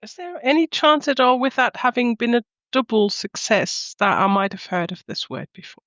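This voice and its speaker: A woman speaking in character at a tabletop game, eager and excitable and tripping over her words. Her voice is high. The recording is dry and a little muffled. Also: moderate pace, dry recording. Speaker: player. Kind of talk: in-character tabletop role-play.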